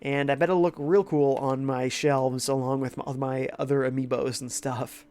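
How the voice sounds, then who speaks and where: A man's voice: mid-range voice, little pitch movement, moderate pace, a little mellow. Stuffy-voiced man streaming a game. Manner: laid-back, reads chat aloud. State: congested from a cold. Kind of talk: casual gameplay commentary.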